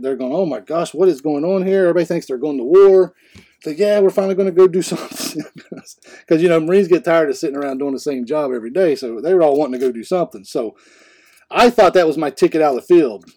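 A man in his forties tells long, rambling stories in casual podcast talk, and he often stops to correct himself. His delivery is quick. His tone is soft and mellow. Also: a little high. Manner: rambling, self-correcting anecdotes. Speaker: podcast co-host. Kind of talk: casual storytelling.

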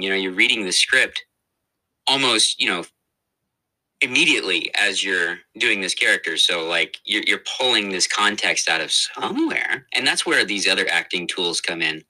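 Male voice actor guest, very bright forceful tone, lively pitch, easygoing and chatty. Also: low-quality recording. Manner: animated, laughs often, many fillers and restarts. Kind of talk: casual interview chat.

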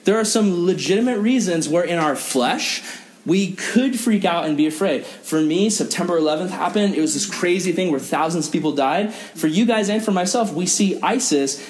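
A young man preaching earnestly to teenagers as a youth pastor, animated and acting out other people's lines. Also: high voice, normal speed. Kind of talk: sermon to teenagers.

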